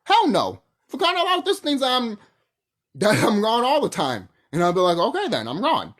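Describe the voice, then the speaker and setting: A channel host rants heatedly and profanely to camera without a script, voice lurching up and down in big pitch swings. Thoughts get cut off and restarted as the argument is pushed, at a moderate pace with a fairly bright tone.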